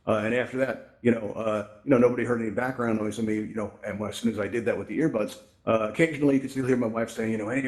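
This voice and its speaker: Fast-talking man presenting at a VR meetup. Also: mid-range voice, a little mellow. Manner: chatty, acts out quoted voices, says "right?" a lot. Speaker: VR event presenter. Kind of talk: casual tech presentation. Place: virtual reality event space. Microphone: VR headset microphone.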